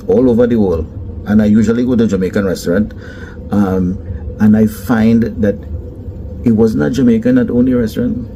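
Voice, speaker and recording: A man's voice: lowish voice, dark tone, slight background noise, low-quality recording. A man casually telling travel anecdotes in a loose, conversational way. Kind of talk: casual storytelling.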